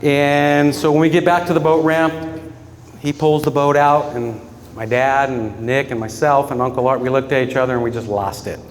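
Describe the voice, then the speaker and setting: A man's voice: mid-range voice, steady tone, moderate pace, big-room sound, a little hiss or hum. A man giving a eulogy for his father, telling personal stories in an earnest way and often breaking into laughter. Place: funeral gathering in a room with mourners.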